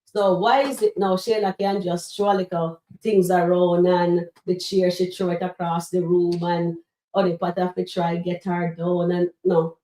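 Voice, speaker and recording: A woman's voice: fairly low pitch, level tone, measured pace, dark tone, recorded from a distance. A woman hosting a live stream, chatting casually with her viewers as she reviews comedy skits. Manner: chatty, addresses chat as guys, frequent fillers. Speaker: livestream show host reviewing comedy skits. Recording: roomy echo, voice set back from mic.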